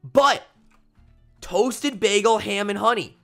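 A man's voice: high voice, takes it slowly, vocal fry, bright, forceful tone, soft background music. A young man streaming a video game, rambling playfully and reading viewers' messages aloud. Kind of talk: casual gameplay commentary.

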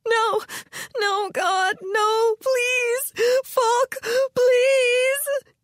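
Sobbing terrified woman, way up high, panicky and pleading, storybook. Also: little pitch movement, extremely slow, fairly bright tone, no room sound, clean studio sound, exaggerated voice. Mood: hysterical. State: crying, hysterical. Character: terrified, sobbing woman cornered in her room.

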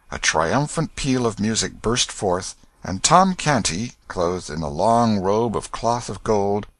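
Man narrating a classic novel, lowish voice, dry close sound. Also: a bit bright, no room sound. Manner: measured storybook reading. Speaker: audiobook narrator. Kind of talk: scripted narration.

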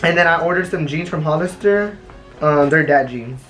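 At home, a young adult vlogger chats casually while showing off a shopping haul, telling rambling, animated stories. The voice is mid-range and the pace normal, with faint music playing behind.

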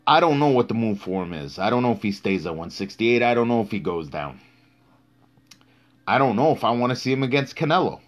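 A man's voice: medium pitch, big pitch swings, a little fast. Blunt, foul-mouthed man talking boxing. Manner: blunt, heavily profane, emphatic. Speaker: boxing talk show host. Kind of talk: live-streamed casual commentary.

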